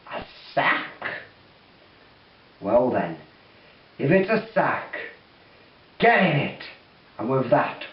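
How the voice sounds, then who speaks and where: A man's voice: mid-range voice, recorded from a distance. A man reading a story aloud in a plain, uneven pace as amateur narrator. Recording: dull echoey recording from off-mic.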